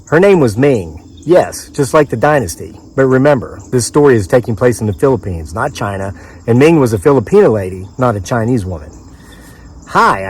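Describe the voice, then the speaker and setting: A man's voice: mid-range voice, darkish tone. A man from the mid-Atlantic United States reading his own story aloud outdoors in the woods, in a dry, conversational storyteller's manner with offhand asides.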